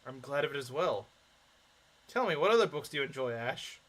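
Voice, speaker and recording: A man's voice: mid-range voice, expressive, brisk, a bit bright, poor audio. A man voicing a noble, devoted young male prince with formal, courtly phrasing, reading game dialogue aloud. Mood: earnest.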